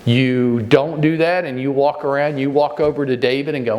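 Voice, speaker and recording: A man's voice: steady tone, normal speed, darkish tone, slight background noise. Blunt, emphatic man in his fifties. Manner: blunt and emphatic, leaps up in pitch to stress points; speaks directly to the audience, often with short punchy sentences. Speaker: real estate broker training agents. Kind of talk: blunt motivational training talk.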